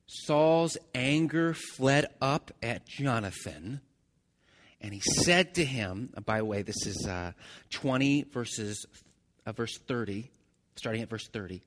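A man's voice: mid-range voice, slow, long reverb tail. A man preaching a sermon, retelling a story with restarts and asides to the congregation. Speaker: pastor.

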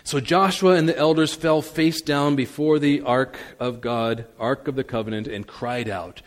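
A male pastor preaching a sermon, swinging between loud emphasis and soft asides. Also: mid-range voice, steady tone, moderate pace, hardly any pauses, long reverb tail.

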